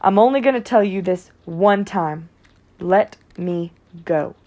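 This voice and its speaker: A woman reading an audiobook voices a grown male track coach with a flat, hard, quietly intense way of talking. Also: mid-range voice, takes it slowly, highs cut off. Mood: stern.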